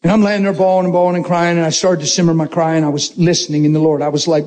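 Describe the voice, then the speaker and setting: Male pastor, high voice, animated and joking sermon storytelling. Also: fast.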